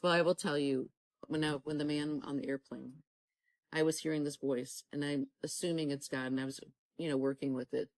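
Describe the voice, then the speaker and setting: A woman's voice: low-pitched, steady tone, a little fast, darkish tone, no room sound, poor audio. A woman sharing a personal faith testimony in an interview, talking earnestly and urging listeners on, often acting out the dialogue she recalls. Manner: fervent, exhorting, acts out quoted dialogue.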